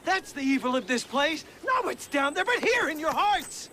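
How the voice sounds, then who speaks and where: An actor playing a father and landowner who shouts and pleads forcefully. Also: extremely high pitch, big pitch swings, moderate pace, heavily acted. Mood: pleading. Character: father, landowner, angry then desperate. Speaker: mine owner and father. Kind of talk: film acting. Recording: film audio with clear background noise.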